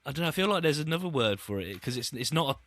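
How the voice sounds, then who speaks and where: A man's voice: mid-range voice, big pitch swings, fast talker, a bit bright, no echo. A man with a Leicester accent, co-hosting a podcast in casual chat and wandering off into asides. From Leicester area, England. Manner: chatty, meandering, trails off into asides. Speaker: podcast co-host.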